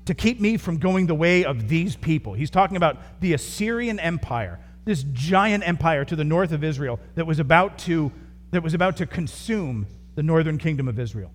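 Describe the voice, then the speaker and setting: A man's voice: a little high, animated, moderate pace. A male pastor delivering a sermon, earnest and building his points in short repeated phrases. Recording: long hall reverb, faint noise.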